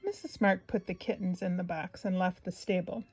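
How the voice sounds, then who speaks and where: A woman reading a children's picture book aloud in a gentle, expressive way, pausing for asides to the young listener. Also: fairly low pitch, breathy edge, faint music behind, rough recording. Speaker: storybook reader.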